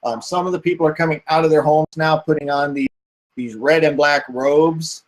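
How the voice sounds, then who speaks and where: A man's voice: fairly high pitch, fairly even intonation, moderate pace, rough recording. A man narrating as game master in a hesitant way, with many fillers.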